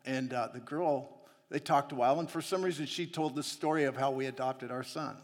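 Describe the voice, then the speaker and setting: A man's voice: medium pitch, fairly quick. A man preaching a sermon that tells stories from his own life, chatty and often laughing between lines. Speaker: missionary preacher. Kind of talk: sermon with personal storytelling. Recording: long hall reverb.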